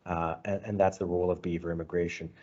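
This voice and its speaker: Very low-voiced webinar host. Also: male voice, flat delivery, fast, warm tone. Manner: hesitant, with fillers. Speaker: immigration consultant, host. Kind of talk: hosting a webinar. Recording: dull lo-fi audio.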